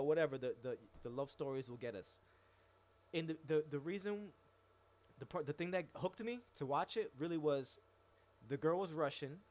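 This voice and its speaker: A man co-hosting a live stream, chatting casually and rambling with lots of swearing and filler words. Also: fairly high pitch. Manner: rambling, profane, frequent "yo" and "like". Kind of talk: casual chat.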